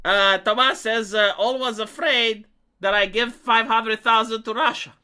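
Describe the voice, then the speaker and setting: Heated live-stream ranter, bright and sarcastic. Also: medium pitch, fairly even intonation, unhurried, clear, resonant tone. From Romania. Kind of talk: ranting live-stream commentary.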